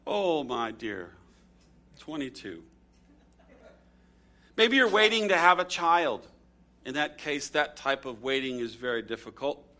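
Male pastor, sermon delivery, bright tone, dramatic storyteller. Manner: storytelling with dramatic swings in pitch and volume.

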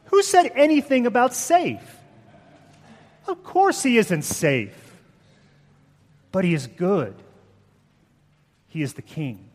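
A man voicing an excitable male beaver from a children's story with a put-on English accent. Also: high voice, slow pace, pauses often, big-room sound, pitched above the performer's own voice, exaggerated voice. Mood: excited. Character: excitable talking male beaver, eager and proud.

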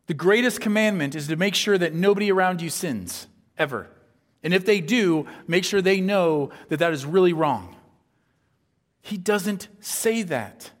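Higher-voiced preacher in a reverberant hall. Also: male voice, expressive, measured pace. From upper Midwest of the US. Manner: conversational, rhetorical asides, acts out quoted voices. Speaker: pastor. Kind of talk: sermon.

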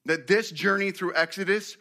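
An animated male pastor preaching with a bright, forceful tone and a slightly high voice. He swings between loud bursts and quiet, low passages, acting out little quoted lines as he goes. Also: normal speed. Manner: animated, acts out quotes, rises and drops in volume. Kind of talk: sermon.

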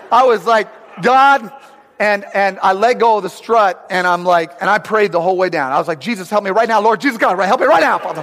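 A man preaching a sermon, telling a personal story, moving between loud urgent preaching and hushed prayer. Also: high-pitched, long reverb tail. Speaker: pastor.

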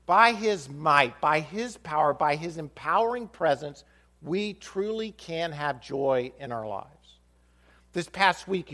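Pastor, male, lively storytelling sermon, fairly high voice, swings widely in pitch. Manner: animated, acts out dialogue with shifting voices.

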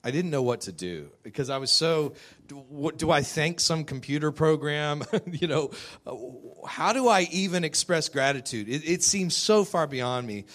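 A man sharing a personal testimony in a conversational storytelling style, self-deprecating and quick to laugh. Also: fairly high pitch, animated, fairly bright tone.

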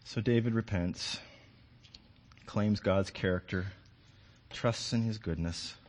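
An older man preaching a sermon with passion, moving from hushed reflection to loud pleading. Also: on the low side, slow pace. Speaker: pastor.

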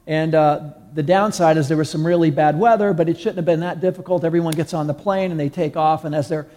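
Mellow-voiced man preaching a sermon. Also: a little high, steady tone. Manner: conversational storytelling, slow emphatic repetitions. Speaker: pastor.

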